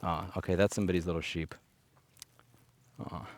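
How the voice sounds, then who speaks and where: A man's voice: low voice, steady tone, moderate pace, a little hiss or hum. A man talking off the cuff into a headset mic outdoors while picking up litter, blunt and ranting, with sarcastic asides. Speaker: repair activist vlogger. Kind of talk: off-the-cuff monologue. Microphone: headset microphone.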